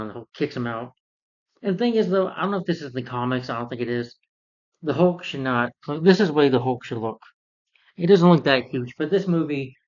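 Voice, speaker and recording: Rambling man recapping a film, lo-fi sound. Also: mid-range voice. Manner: rambling, many fillers, sarcastic asides. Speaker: film reviewer. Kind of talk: casual movie recap rant.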